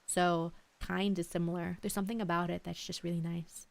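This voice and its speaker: A young woman streaming live, chatting softly and calmly, with a quiet, slightly mumbled way of talking and wandering thoughts. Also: on the low side, fairly quick, gravelly. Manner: soft-spoken, mumbling, drifting thoughts. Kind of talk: relaxed live-stream chat. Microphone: headphones half off, desk mic.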